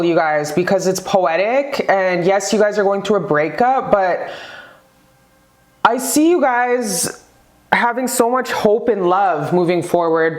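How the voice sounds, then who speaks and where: A woman doing a casual pick-a-card tarot reading, excitable and gushing, rambling into asides and swearing freely. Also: medium pitch, roomy sound.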